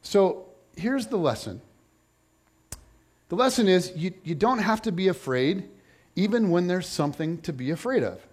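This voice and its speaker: Animated high-voiced male preacher. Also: moderate pace, husky. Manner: animated, jokey storytelling with voiced asides. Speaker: pastor. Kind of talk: sermon.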